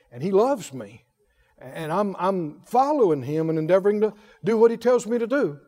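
High-voiced, lively preacher man. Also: big-room sound. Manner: rising to shouted declarations, drawn-out emphatic phrases; leads the congregation to repeat lines. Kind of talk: sermon with call-and-response.

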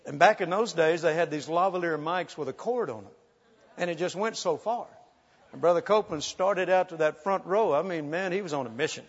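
Male preacher, high and lively, spinning funny tales from the pulpit; dull sound with a long hall reverb. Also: brisk, breathy edge. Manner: animated, humorous, acts out quotes, laughs often. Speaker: preacher telling ministry stories. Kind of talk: sermon storytelling.

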